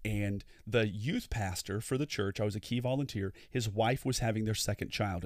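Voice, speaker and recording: A man co-hosting a ministry podcast, telling stories in an animated way with preacherly asides. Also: lowish voice, no echo, clean studio sound. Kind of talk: storytelling podcast chat.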